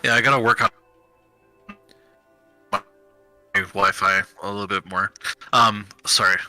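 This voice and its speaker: A man plays a tabletop game over a video call whose connection keeps dropping, and he talks hesitantly and apologetically. His voice is very bright and sharp but sits low, with faint music behind it. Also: steady tone, unhurried. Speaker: player. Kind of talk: casual tabletop game chat. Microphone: video call with a bad connection.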